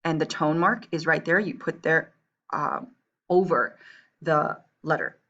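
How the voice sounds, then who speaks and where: A woman's voice: sits low, measured pace, a bit bright, dull audio. A woman with a New Jersey accent, teaching a recorded language lesson and checking in with "right?" and "okay?" as she explains. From grew up between Taiwan and the United States. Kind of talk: recorded lesson, reading from a textbook.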